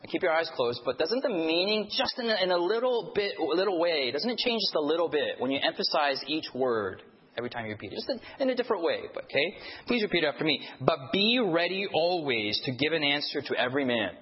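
A man's voice: a little high, very animated, quick pace. A male pastor leading a sermon, reciting scripture with the congregation and often stumbling and restarting with playful asides. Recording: dull audio with long hall reverb.

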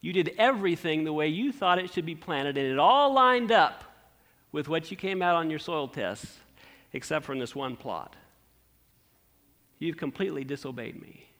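Man doing firm older farm dad, measured and disapproving, bright clear tone. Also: high-pitched, animated, heavily acted. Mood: stern. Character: stern older farmer father, calm and firm.

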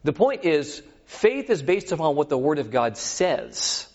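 A man preaching with a lively, swinging delivery that rises and falls as he retells scripture scenes. His voice sits a bit higher than most men's, and he keeps checking that his listeners follow. The recording is dull and lo-fi. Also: a little slow. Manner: animated storytelling, acts out scripture scenes; asks the audience for agreement. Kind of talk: sermon.

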